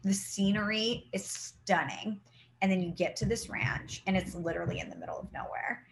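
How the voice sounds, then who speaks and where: A young adult woman from Saint Louis, a podcast co-host telling lively stories in casual chat and acting out the quotes. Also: mid-range voice, normal speed, creaky. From Saint Louis, Midwest US. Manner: animated storytelling, acts out quotes.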